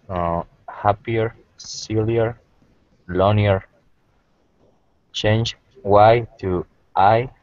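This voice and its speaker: A man student reads spelling rules aloud in a low, very slow and halting voice. The sound is muffled, like audio from a video call. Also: darkish tone, slight background noise. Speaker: language student.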